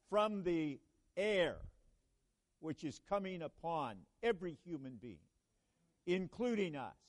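A man with a fairly high voice preaches a sermon at a measured, unhurried pace. He speaks earnestly and halts to restart phrases. At times he builds to emphatic, ringing proclamations. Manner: slow, earnest, with halting restarts and sudden emphatic rises. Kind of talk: sermon at a church conference.

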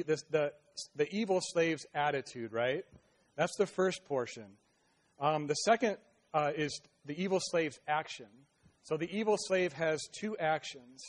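A man with a slightly raised voice is preaching a sermon. He reads scripture slowly and comments in an earnest, exhorting way. His talk is full of small restarts and tag questions. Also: fairly high pitch.

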